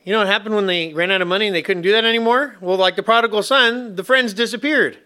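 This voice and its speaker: Bright, high-voiced man preaching. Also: clear, resonant tone. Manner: preaching with slow emphatic phrasing and playful asides. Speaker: pastor. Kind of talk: sermon. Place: church.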